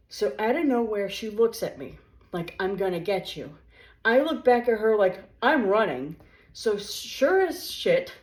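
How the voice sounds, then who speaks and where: A woman telling stories straight to camera in a home kitchen, lively and chatty, sometimes talking with her mouth full. Her voice sits at an ordinary middle pitch, and the room gives it a noticeable echo. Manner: animated, chatty, talking while eating. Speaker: vlogger. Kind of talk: casual storytelling. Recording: echoey room.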